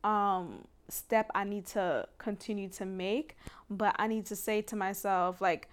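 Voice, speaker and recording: Animated laughing woman podcaster. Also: mid-range voice, unhurried, clean tone. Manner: animated, laughing often, emphatic. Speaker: podcast host. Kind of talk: casual faith podcast talk.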